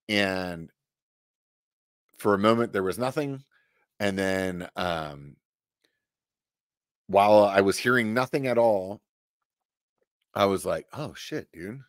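A middle-aged man telling a story casually on a podcast, animated, with lots of filler words and cursing. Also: fairly low pitch, slow pace, pauses often, no room sound, clean studio sound. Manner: animated, swearing, many "like" fillers. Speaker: podcast guest.

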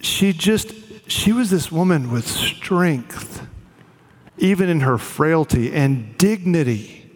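A man's voice: a little high, expressive, slow pace. Earnest preacher man in a reverberant hall. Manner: earnest, conversational preaching with fillers. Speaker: pastor. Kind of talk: sermon.

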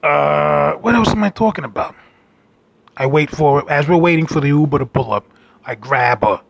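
A man rambles through a dating story in a brash, casual way, throwing in loud asides. His voice sits a little high and sounds gravelly and husky. The recording is close and dry. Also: expressive, normal speed, dry recording.

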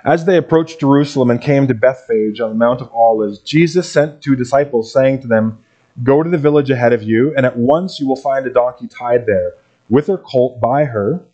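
A man pastor reading a Bible passage aloud and then preaching in a relaxed, conversational way to his congregation. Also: mid-range voice, moderate pace, dull audio. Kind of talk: sermon.

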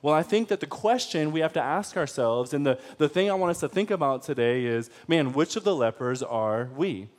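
A man preaching a sermon with a slightly high voice. He keeps it casual and lively, putting questions to his listeners and checking that they follow. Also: brisk, few pauses. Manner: conversational and lively, asks the congregation questions. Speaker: pastor.

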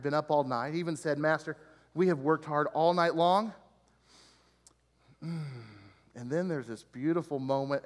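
A man's voice: on the high side, long reverb tail. A male pastor preaching a sermon in a church, earnest and explanatory, building emphatic repeated lists.

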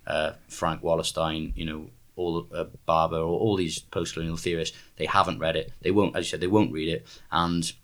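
A young man hosting a casual political chat, animated and full of excited restarts. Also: rumbling low, moderate pace, hardly any pauses. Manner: animated, stumbling restarts when fired up.

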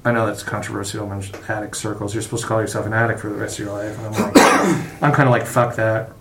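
A middle-aged man, a podcast guest, talking casually in a halting, profane way with many restarts. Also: on the low side, steady tone, a crowd in the background. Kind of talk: casual conversation. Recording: roomy echo.

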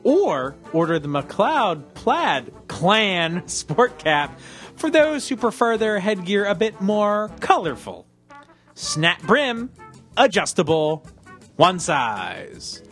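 A man's voice: high voice, sing-song, slow pace, a bit bright, soft background music. A man hosting a casual podcast, joking, laughing often and tripping over his own words. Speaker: podcast host.

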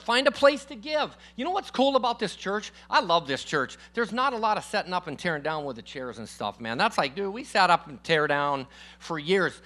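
In a church sermon, the older guest preacher speaks in a high, bright voice. He is conversational but forceful, alternating booming statements with soft asides and repeatedly asking the congregation for an amen.

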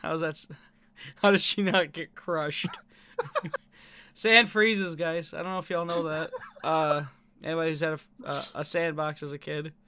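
A man with a bright, clear voice laughs his way through casual podcast chat. He talks in quick, excited bursts and swears freely. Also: a little high. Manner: laughing often, profane, excitable. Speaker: podcast co-host.

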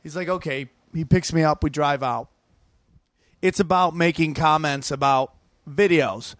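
A comedian guest on a podcast, telling rapid, profane stories and acting out quotes in casual chat. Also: male voice, fairly high pitch, no room sound, studio quality. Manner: rapid, profane, animated storytelling with acted-out quotes.

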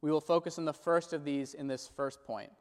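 A man preaching a sermon in a measured, earnest way, slowing down when he quotes prayers and scripture. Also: a little high, steady tone. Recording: long hall reverb.

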